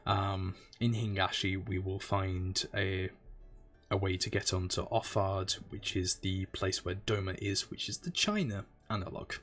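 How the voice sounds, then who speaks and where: Male streamer, low voice, chatty rambling game commentary. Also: a bit bright. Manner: chatty, rambling, explains as he plays. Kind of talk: casual gameplay commentary.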